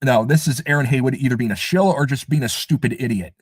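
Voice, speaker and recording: A man's voice: mid-range voice, fast, breathy edge, no room sound. A man hosting a casual live stream, talking emphatically and scoffing as he repeats his points. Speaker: livestream host.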